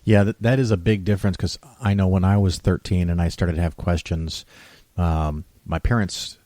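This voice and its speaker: Guy hosting an interview, really deep voice, dry close sound, joking around. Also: fairly even intonation, normal speed, mellow, no echo. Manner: chatty, joking. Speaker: host. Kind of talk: casual interview talk.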